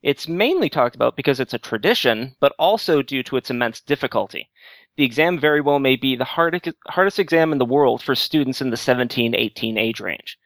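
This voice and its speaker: A man's voice: medium pitch, expressive, fairly quick, fairly bright tone, dry recording. A man co-hosting a call-in show, upbeat and well caffeinated, laughing often and reading listener letters aloud. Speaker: co-host reading listener questions.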